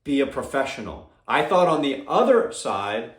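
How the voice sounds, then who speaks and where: A man's voice: mid-range voice, sing-song, normal speed, roomy sound. A man giving casual MMA opinion commentary, emphatic and keeps checking in with "all right?" and "okay?".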